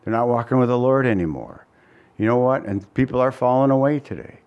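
A man preaches to his congregation in a voice of ordinary middle pitch. He is animated and keeps asking his listeners rhetorical questions. Now and then he reads scripture aloud in old-fashioned wording. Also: a little fast, muffled recording. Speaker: pastor. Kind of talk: sermon.

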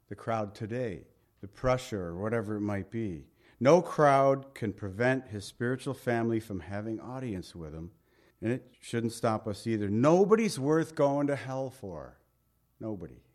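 A middle-aged man preaching a sermon in a conversational way, asking the congregation questions and swinging between emphatic and quiet lines. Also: mid-range voice. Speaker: pastor.

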